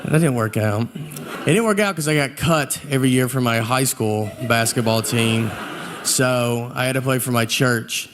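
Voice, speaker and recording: A man doing a stand-up comedy set, telling rambling stories in a deadpan, understated way, full of fillers. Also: mid-range voice, normal speed. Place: large theater stage with a live audience. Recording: reverberant hall with audience noise.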